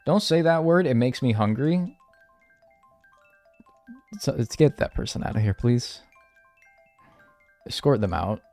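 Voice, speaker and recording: A man streams a video game, chatting casually with his viewers and launching into mock-serious rants. His medium-pitched voice is a little mellow, with lively intonation and vocal fry, and he speaks a little slowly with frequent pauses. Faint music plays behind him.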